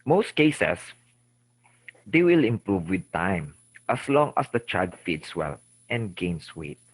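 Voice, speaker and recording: A man's voice: deep voice, big pitch swings, slow pace, slightly rough, no room sound, rough recording. A middle-aged man with a Filipino accent giving a recorded medical lecture, repeating key terms and checking in with "okay?" and "remember". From Philippines. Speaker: lecturer, ENT surgeon.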